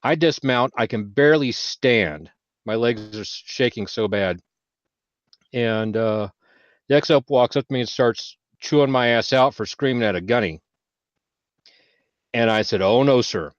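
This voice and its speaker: A man on a veterans' panel spins a long service story in casual chat, heavy with swearing and rising to loud bursts when he quotes himself. His voice sits in a middling register. The sound is dull and lo-fi, and the room is dry. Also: medium pitch, a little slow, pauses often, no room sound. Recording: dull lo-fi audio.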